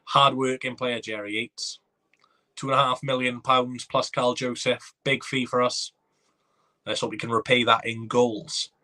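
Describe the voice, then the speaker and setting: A man gives live reaction commentary on a football match in a bright, forceful voice. He is excitable and chatty, and he reads viewer comments aloud. His pitch sits at a middle level. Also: unhurried. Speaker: fan watchalong host.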